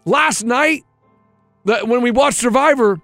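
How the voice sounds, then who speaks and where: A man with a high voice tells a story in incredulous, animated studio banter. He sounds close and dry in a radio studio, with faint music underneath. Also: a little slow, no room sound. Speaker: radio show cohost.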